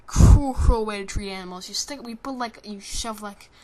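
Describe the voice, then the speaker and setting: A person giving casual, rambling commentary over a game trailer, joking and swearing, with constant fillers and restarts. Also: female voice, medium pitch, normal speed, warm tone. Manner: rambling and jokey, with frequent swearing; self-interrupting, with many fillers and restarts.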